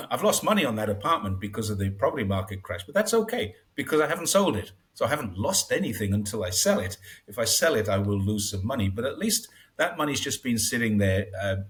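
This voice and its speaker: A man in his sixties, originally from Britain, talks through everyday life in a relaxed interview. His voice sits fairly low. He breaks into brighter, higher snippets when quoting others. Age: 60s. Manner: chatty storyteller, acts out dialogue in raised voices. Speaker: guest. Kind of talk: casual interview chat.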